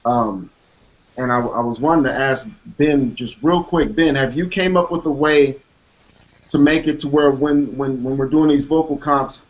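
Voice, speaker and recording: A man's voice: medium pitch, steady tone, dull audio. A man interviewing a vocal coach, asking long questions full of ums and restarts. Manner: halting questions with many ums. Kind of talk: casual conversation.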